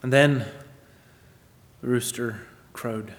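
Pastor preaching in a reverberant hall. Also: male voice, medium pitch, takes it slowly. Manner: rhetorical questions, swings from emphatic to hushed. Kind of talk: sermon.

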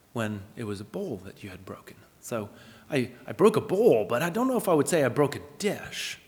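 A man preaching a sermon in an earnest, explanatory way, with lively storytelling asides. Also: mid-range voice. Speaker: pastor. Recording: long hall reverb.

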